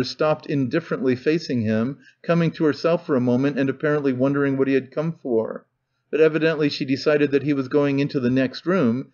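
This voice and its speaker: A man reading an audiobook in measured, deliberate narration. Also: a little high, a little mellow. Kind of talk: scripted narration. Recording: dull lo-fi recording.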